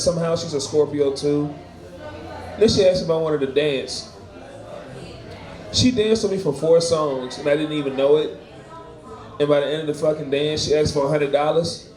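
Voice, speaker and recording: A man's voice: on the high side, a little mellow. Profane stand-up man, echoey room. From Florida. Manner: loose, profane, laughs at his own jokes. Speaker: stand-up comedian at an open mic. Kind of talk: stand-up set. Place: bar or small venue. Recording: echoey room, crowd heard.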